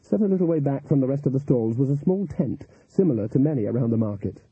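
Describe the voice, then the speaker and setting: Husky man narrating a story. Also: mid-range voice, quick pace, no echo. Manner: expressive, lively storytelling. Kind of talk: audiobook narration. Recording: tinny, phone-like, dry audio.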